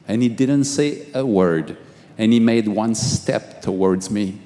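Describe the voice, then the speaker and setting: A middle-aged man, a pastor, giving a halting testimony sermon, repeating words and swinging from hushed to raised. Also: mid-range voice. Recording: long hall reverb.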